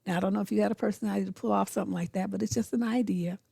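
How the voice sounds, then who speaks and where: A woman's voice: medium pitch, steady tone, vocal fry, mellow, slightly rough, no echo, studio quality. Blunt, sassy middle-aged woman coach. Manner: blunt, sassy, acts out quick dialogues. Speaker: relationship coach. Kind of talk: casual advice monologue.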